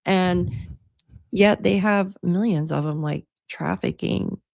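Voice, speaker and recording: A woman's voice: on the low side, takes it slowly, creaky, darkish tone. A woman hosting a casual livestream from home, chatty and laughing often, swearing freely. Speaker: livestream host. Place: at home by her computer.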